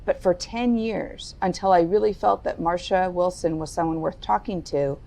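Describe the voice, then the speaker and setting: Middle-aged woman on a podcast, lowish gravelly voice, candid and slow-ish. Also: dark tone. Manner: candid, lowers her voice and speaks deliberately. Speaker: podcast guest. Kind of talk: reflective interview storytelling.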